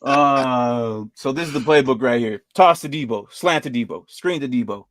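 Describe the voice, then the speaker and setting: A man chats loosely as a podcast host, laughing often and stumbling through text he reads aloud. His voice sits in a middle pitch. The sound is close and dry. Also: moderate pace, a bit bright, no room sound. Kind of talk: casual chat, reacting to a video.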